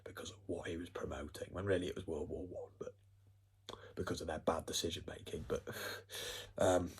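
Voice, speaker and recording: A man's voice: sits low, fairly even intonation, fairly quick, breathy edge. A man giving a rambling, profane monologue. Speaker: vlogger.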